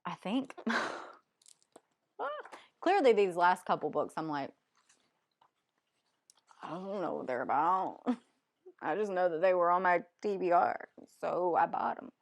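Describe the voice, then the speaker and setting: A woman's voice: on the low side, expressive, unhurried, long pauses. A woman with a Southern US accent chatting casually as a book vlogger, rambling and hesitant with many ums. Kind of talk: casual chat.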